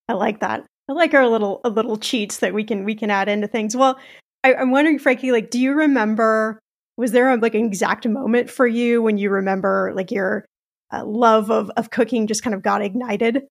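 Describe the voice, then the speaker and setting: A woman's voice: fairly high pitch, fairly even intonation, moderate pace, gravelly. A woman hosting a podcast, chatting casually and thinking aloud with restarts. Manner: hesitant, many restarts and fillers. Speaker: podcast host. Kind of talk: casual chat.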